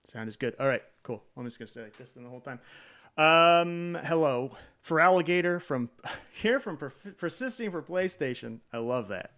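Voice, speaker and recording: A man's voice: on the high side, animated, normal speed, fairly bright tone. A man streaming live in a casual chat, greeting viewers by name, rambling with hesitant fillers and self-deprecating jokes.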